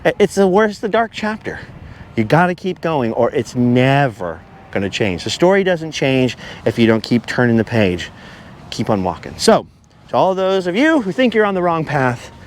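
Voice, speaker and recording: A man's voice: medium pitch, very animated, normal speed, slight background noise. A man vlogging as he walks along a beach outdoors, talking at length and wandering off topic as he goes. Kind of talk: rambling walk-and-talk monologue.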